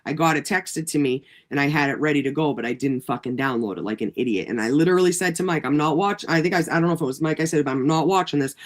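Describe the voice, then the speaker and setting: A woman rants on her livestream, indignant and swearing freely. Her voice sits fairly low and comes out in rapid, heated bursts as she answers her critics. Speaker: livestream host.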